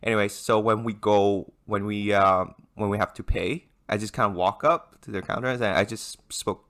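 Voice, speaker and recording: A young man from Hong Kong, a podcast host telling a story in casual chat with lively restarts. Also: lowish voice, moderate pace. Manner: animated storyteller, many restarts.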